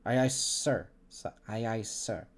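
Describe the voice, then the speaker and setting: Brisk young starship ensign, Russian accent, eager and sharp, read by a male streamer. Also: lowish voice, pitched below the performer's own voice. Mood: rehearsing.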